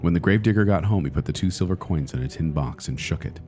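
A man podcast host reading a spooky children's story aloud in a deliberate manner that builds suspense. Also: low-pitched, animated, a little mellow, faint music behind.

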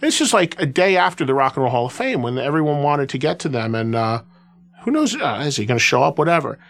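Chatty, slightly high-voiced male radio host. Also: fast, vocal fry. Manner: animated anecdotal telling, filler-heavy with restarts. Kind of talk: casual conversational storytelling.

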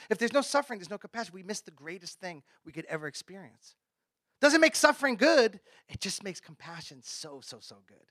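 Bright high-voiced man preaching. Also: no echo, clean studio sound. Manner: conversational preaching, sudden drops to a hush. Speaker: pastor. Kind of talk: sermon.

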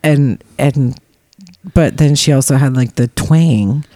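A woman's voice: very deep voice, slow pace, no room sound, clean studio sound. A woman telling a rowdy story in casual chat, giggling often and jumping into voiced impressions. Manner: giggly, animated, lots of fillers and voiced impressions.

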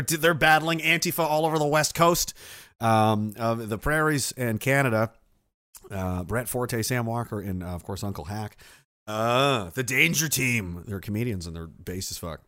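Bright-voiced sardonic streamer man. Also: on the low side, no room sound, studio quality. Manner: sardonic, laughs often, trails off. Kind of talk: casual rambling commentary.

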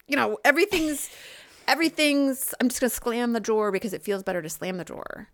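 Middle-aged woman rambling on a podcast, dry close sound, gravelly low voice. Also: lively intonation, fairly quick, no room sound. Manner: rambling, self-interrupting, laughing storyteller. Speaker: podcast co-host. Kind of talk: casual chat.

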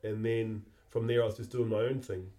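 A middle-aged man, hosting a podcast and telling a personal memory in a halting, reflective way that often repeats words. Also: on the low side, level tone, warm tone. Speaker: podcast host.

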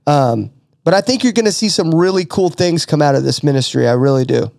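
A man's voice: on the high side, expressive, a little fast, vocal fry, darkish tone, no echo, studio quality. A middle-aged man hosting a podcast, telling an emotional faith story in casual talk with many restarts and fillers. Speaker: podcast host.

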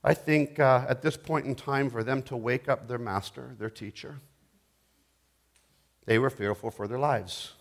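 A middle-aged man preaching a sermon, dramatic, swinging between loud bursts and hushed asides. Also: mid-range voice, fairly even intonation, unhurried.

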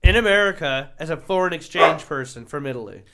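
A man's voice: a little high, lively intonation, fairly quick, very noisy. A man telling stories and making sarcastic remarks in a casual podcast chat. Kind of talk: casual banter.

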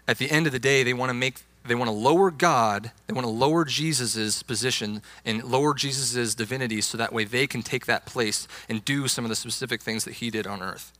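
A man's voice: medium pitch, bright, forceful tone, dry recording. A young adult man, a youth pastor, preaching a sermon with emphatic, insistent stress on key words.

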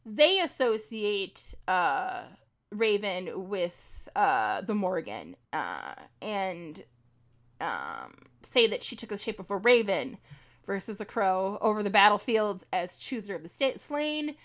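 A woman's voice: medium pitch, very animated, slow pace, fairly bright tone. A woman co-hosting a podcast in casual chat, reading folklore notes with many ums and laughing at her own mispronunciations. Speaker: podcast co-host.

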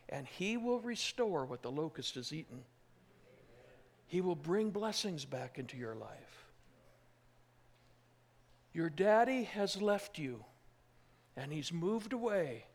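A male pastor preaching a sermon, moving from hushed, gentle reassurance to loud, emphatic preaching. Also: a little high, a little slow, pauses often.

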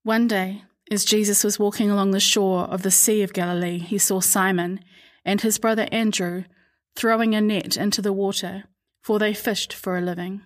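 A woman reading a Bible passage aloud in a calm, measured way, slowing down for the quoted words. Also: mid-range voice. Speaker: Bible reader. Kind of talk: scripture reading.

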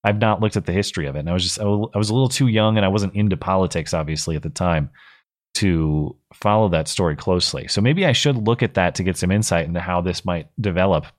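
Man, thirties, low voice, opinionated stream host, blunt commentary. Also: fast talker. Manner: opinionated, blunt, frequent restarts. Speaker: call-in show host. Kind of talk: live-stream commentary reading chat.

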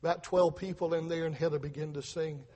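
A man's voice: fairly high pitch, fairly even intonation, fast, darkish tone, long reverb tail, a little hiss or hum. A middle-aged man preaching a testimony sermon, earnestly telling a story with repeated words and acted-out voices.

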